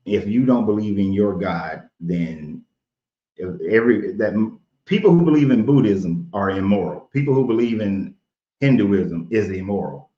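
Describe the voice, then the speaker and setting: A man with a mid-pitched voice hosts a show and argues bluntly in a heated debate, often sarcastic. The sound is roomy and a little dull. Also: lively intonation, moderate pace. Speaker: host.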